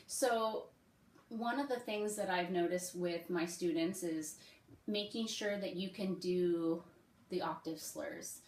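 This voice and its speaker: A woman who teaches music, giving step-by-step practice advice in a relaxed, friendly way with frequent ums and okays. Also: medium pitch, echoey room, a little hiss or hum. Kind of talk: casual instructional talk.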